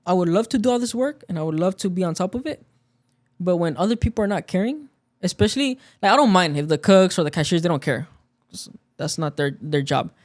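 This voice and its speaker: High-voiced man telling a work story. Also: a little mellow. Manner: storytelling, acts out quoted dialogue. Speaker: podcast guest. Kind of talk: casual chat.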